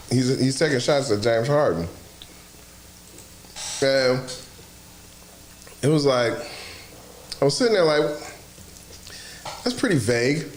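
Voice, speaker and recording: A man hosting a casual sports talk show, loud and profane, laughing often as he talks. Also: mid-range voice. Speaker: podcast host. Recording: roomy echo, faint noise.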